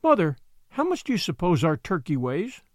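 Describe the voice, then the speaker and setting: An anxious, gentle little girl, as a male narrator puts her on, murmuring worried questions in a storybook reading. The pitch is lifted and moves expressively up and down. The sound is close and dry. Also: huge pitch swings, normal speed, no room sound.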